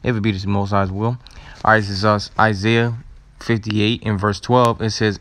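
A man with a low voice teaching scripture. He works through words slowly and deliberately, repeating them, and drops in relaxed asides as he goes. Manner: casual asides with "all right" and "man". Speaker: religious teacher. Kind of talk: scripture teaching and word study.

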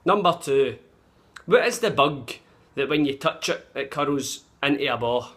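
A man's voice: mid-range voice, expressive, measured pace, fairly bright tone. A young Glaswegian man reading an accent tag word list and questions, blunt and full of swearing. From Scotland. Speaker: vlogger. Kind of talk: casual accent tag monologue.

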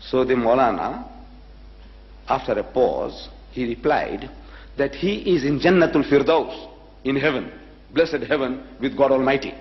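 An older man from South Africa giving a public lecture, telling a story and acting out both sides of a dialogue with long pauses. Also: mid-range voice, big pitch swings. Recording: echoey hall, dull lo-fi recording.

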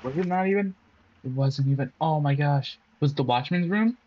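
Playing a horror game, a male commentator talks to himself in a voice on the high side, a little fast, with the highs cut off. He's jumpy, yelping in panic at scares and taunting the enemies.

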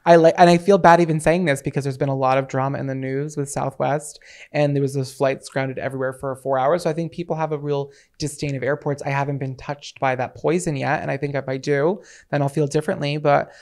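This young man co-hosts a chatty podcast in a voice of ordinary pitch for a man. He talks playfully and giggles often. He rambles along with plenty of ums. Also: steady tone, fairly quick, darkish tone. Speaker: podcast co-host. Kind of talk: casual chat.

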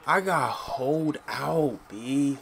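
A young man hosting a gaming channel comments casually on his football video game in a slow, gravelly, mid-range voice. Slangy and frustrated, he yells and curses whenever plays go wrong.

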